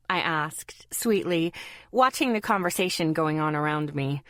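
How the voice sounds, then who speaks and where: A woman's voice: low-pitched, expressive, a little slow, a bit bright, dry recording. Woman reading a first person audiobook, wry and light, dry sound. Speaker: audiobook narrator.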